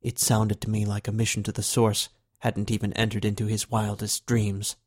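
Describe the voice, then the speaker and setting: Man doing a calm, formal government agent. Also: lowish voice, no room sound, studio quality, lightly acted. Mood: measured. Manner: measured, respectful reporting.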